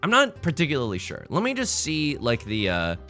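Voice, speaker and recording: A man's voice: a little high, huge pitch swings, a little fast, bright, forceful tone, faint music behind. A young man from the United States giving casual, joking commentary while playing a game, rambling to himself and his viewers. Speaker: let's play host.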